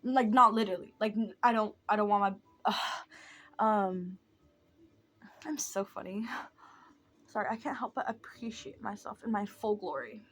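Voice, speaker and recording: A woman's voice: medium pitch, normal speed, pauses often, fairly bright tone, husky. A young adult woman chatting casually while doing her makeup, rambling and mocking herself as she drifts off topic. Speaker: vlogger.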